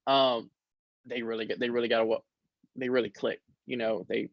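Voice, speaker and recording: Gravelly young man, relaxed interview talk. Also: mid-range voice, moderate pace, no echo. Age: young adult. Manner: relaxed, rambling with many fillers. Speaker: college football player. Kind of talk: casual interview. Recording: dull lo-fi sound.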